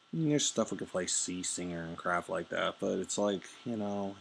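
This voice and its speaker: A man's voice: low-pitched, lively intonation, moderate pace, creaky, hardly any pauses, slight background noise. A man giving casual, rambling, jokey commentary while playing a card game. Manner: rambling, jokey, many fillers and asides.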